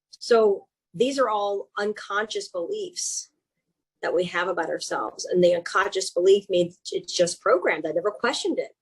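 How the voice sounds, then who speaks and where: A woman with a Southern US accent who works as an executive coach, giving a chatty, animated webinar talk over a video call with self-mocking asides. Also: mid-range voice, moderate pace, breathy edge, low-quality recording. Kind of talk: webinar presentation.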